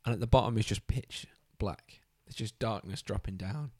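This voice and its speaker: A man's voice: on the low side, normal speed, a little mellow, husky, dry recording, studio quality. A man chatting casually about a video game, enthusiastic and swearing freely.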